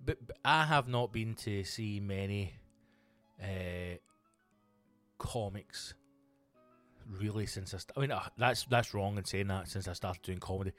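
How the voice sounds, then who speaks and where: Sweary Scottish comedian, rambling podcast chat. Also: male voice, fairly low pitch, measured pace, a bit bright, soft background music. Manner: rambling and sweary, with frequent restarts. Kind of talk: casual solo podcast chat.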